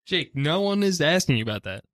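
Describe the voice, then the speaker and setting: Deadpan male straight man, lively pitch, close dry mic. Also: fairly quick, no room sound. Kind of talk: casual comedy banter. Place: studio.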